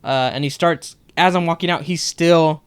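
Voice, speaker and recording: Young male podcast co-host, animated storyteller, clean resonant voice. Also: fairly high pitch, normal speed, smooth. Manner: animated, acts out customers' lines in retelling. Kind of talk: casual storytelling chat.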